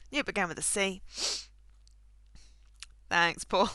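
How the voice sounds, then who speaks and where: Bright, lively woman streamer. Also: medium pitch, extremely slow, pauses often, clean tone, dry recording. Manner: giggly, chatty, self-mocking. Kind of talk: casual gaming commentary.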